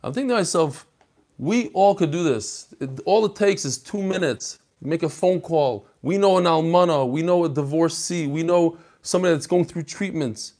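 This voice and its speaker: Guy hosting a torah class, bit higher voice, animated storytelling with hebrew words mixed in. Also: normal speed. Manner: animated storytelling, sprinkled with Hebrew and Yiddish terms. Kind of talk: casual daf yomi class talk.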